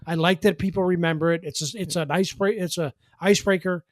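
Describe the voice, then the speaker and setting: High-voiced man in his sixties telling stories. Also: dry recording. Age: 60s. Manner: animated storyteller, quick asides. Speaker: guest, former radio co-host and columnist. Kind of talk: casual podcast chat.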